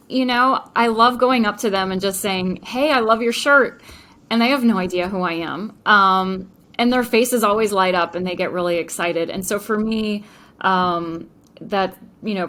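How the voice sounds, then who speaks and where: Woman guest on a business podcast, mid-pitched, eager and animated in tone, lots of "you know". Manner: enthusiastic, frequent fillers. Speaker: entrepreneur guest. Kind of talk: podcast interview.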